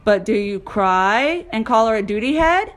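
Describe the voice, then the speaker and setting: A woman's voice: mid-range voice, expressive, normal speed, noisy background. A woman in her thirties, a mother filming a casual home vlog, talking bluntly to her kids and cooing at the family dog. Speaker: mother and vlogger.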